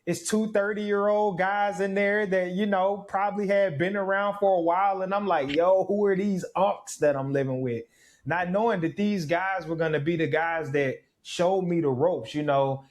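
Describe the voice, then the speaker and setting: A man in his thirties from Mississippi, a guest in an interview, telling his story with reflective, animated energy. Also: high-pitched, normal speed, hardly any pauses. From Mississippi, USA. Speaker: guest, former pro football player.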